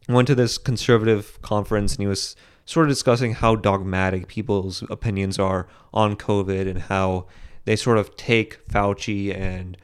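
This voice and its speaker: A man's voice: lowish voice, clear, resonant tone. A young man hosting a solo podcast, giving rambling, opinionated commentary full of restarts and fillers. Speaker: podcast host.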